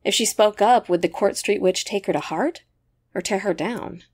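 A woman reads a short story aloud at a measured, even pace. Her voice sits at a middle pitch, neither high nor low. The delivery is a steady, scripted narration. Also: slightly rough.

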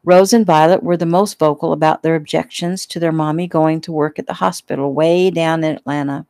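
A woman reads her own story in a relaxed, homey voice that sits low for a woman. The sound is dry and close, and she takes a slip or two in stride, like someone reading to family in the same room. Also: a little fast, dry recording. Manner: relaxed, homey storytelling with small slips and throat clearing. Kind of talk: casual audiobook narration.

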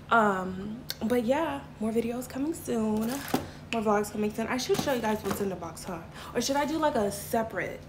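A young woman vlogging to her handheld camera, bubbly and excitable, chatty with lots of "like" and "y'all". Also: mid-range voice. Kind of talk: casual vlog talk to camera. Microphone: handheld vlog camera. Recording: echoey room with background noise.

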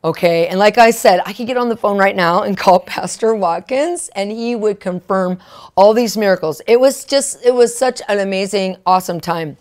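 A woman preacher telling a testimony in an animated, emotional way, peppering her talk with "right?" and "like". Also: medium pitch, normal speed. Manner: fillers like "right?" and "like". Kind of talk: live-streamed testimony preaching.

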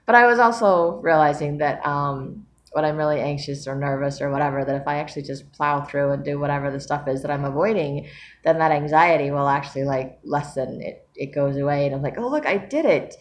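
A woman's voice: deep voice, steady tone, fairly quick. A woman author talking casually about her writing in a rambling, reflective way, with many ums and small laughs, tired from lack of sleep.

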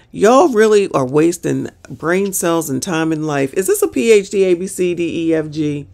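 A woman's voice: lowish voice, animated, normal speed, creaky, hardly any pauses, darkish tone. A woman hosting a reaction show, ranting in a sassy, exasperated way with mild profanity. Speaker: reaction channel host. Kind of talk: reaction commentary.

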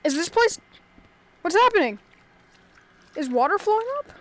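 A woman's voice: extremely high pitch, big pitch swings, normal speed. A woman playing a spooky video game and commenting as she goes, jumpy and exclaiming, with the odd curse. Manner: jumpy, exclaiming, swearing now and then. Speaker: gamer. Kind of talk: let's play commentary.

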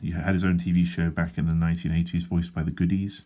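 Deep-voiced man with dry rambling humour. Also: level tone, fast talker, dark tone, dull audio. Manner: dry, self-deprecating humour with rambling asides. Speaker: comic artist. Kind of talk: casual drawing vlog chat. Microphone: handheld wobbling camera.

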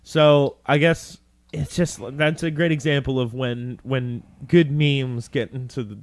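A man's voice: mid-range voice, steady tone, unhurried, no echo. A man co-hosting a podcast, telling a story in casual chat, rambling and swearing. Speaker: podcast co-host.

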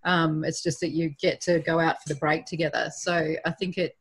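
A woman with an Australian accent moderating an online panel in a brisk, friendly way. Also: deep voice, little pitch movement, breathy edge. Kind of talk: casual video-call panel chat. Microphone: video call.

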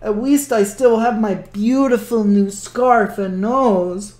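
A gentle, kind-hearted snowman from a picture book speaks in a soft, wistful way, voiced by a man reading aloud. His words come slowly and evenly, with an easy, unhurried calm. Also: sits high, reverberant.

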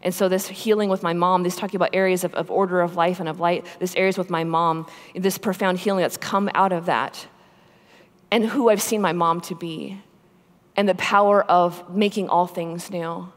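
A Catholic religious sister giving a personal testimony talk to a live conference audience, speaking in an earnest, conversational way that grows emphatic on heartfelt points. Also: female voice, lowish voice, steady tone, moderate pace. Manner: earnest, conversational storytelling with frequent "right?" and "you know". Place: large conference hall. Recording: echoey hall sound.

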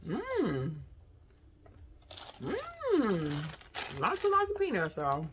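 Drawing out her words in an on-the-high-side voice, a woman vlogger tries snacks during a casual haul, sometimes chewing as she talks. She's expressive and chatty, with lots of "y'all," and there's background noise.

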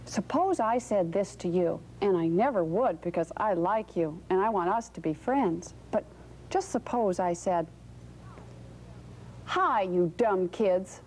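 Gentle woman hosting children's TV. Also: mid-range voice, normal speed, slight background noise. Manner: gentle, questioning, patient. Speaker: children's TV host. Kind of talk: talking to young viewers.

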